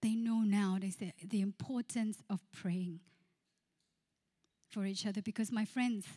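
A woman pastor giving a sermon. She reads scripture, then tells a counseling story with frequent laughter and quiet, hushed quotes of her own words. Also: mid-range voice, fairly even intonation, measured pace.

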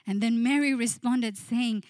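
A woman's voice: on the high side, a little mellow, no echo. Earnest woman preaching, dry close sound. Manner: earnest, repeats phrases, slows to stress key lines. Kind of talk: sermon with prayer and scripture reading. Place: church.

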